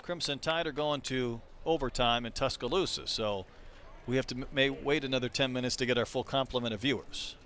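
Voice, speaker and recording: A man doing live play-by-play baseball commentary, calling pitches and chatting between them. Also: fairly even intonation, a little fast, a bit bright. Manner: conversational, calls pitches between chatty stories. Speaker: play-by-play announcer.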